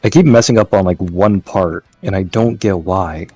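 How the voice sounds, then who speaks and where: A man's voice: sits low, normal speed, warm tone, no room sound, soft background music. A man playing along and chatting casually, groaning in frustration. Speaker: co-player. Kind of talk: casual gameplay chat.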